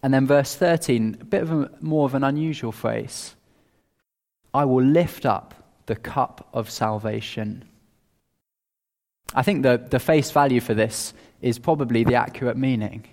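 Slow, gravelly-voiced preacher in echoing hall. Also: male voice, mid-range voice, darkish tone. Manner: measured, earnest, with small restarts. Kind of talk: expository sermon. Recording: long reverb of a large hall.

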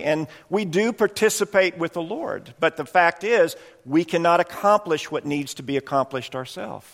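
High-voiced male preacher in a reverberant hall. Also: moderate pace, few pauses. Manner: earnest, explanatory. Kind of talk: sermon.

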